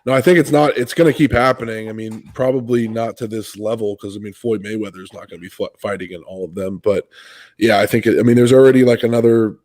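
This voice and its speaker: A man's voice: fairly low pitch, fairly even intonation, darkish tone. A man co-hosting a casual sports podcast, jumping in to steer the conversation. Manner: quick, jumps in to steer the talk. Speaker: podcast co-host.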